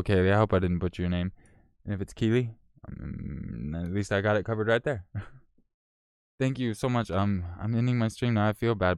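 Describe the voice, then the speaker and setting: A man's voice: fairly low pitch, a little mellow, clear, resonant tone, dry recording, clean studio sound. A man chatting casually on a live stream, thanking donors by name in a laid-back way, swearing and laughing as he goes.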